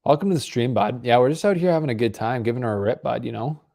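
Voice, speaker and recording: A man's voice: medium pitch, fast talker, gravelly, darkish tone, lightly acted. A man putting on a hearty, exaggerated Canadian good-ol'-boy voice with a put-on Canadian accent and folksy slang. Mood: jovial.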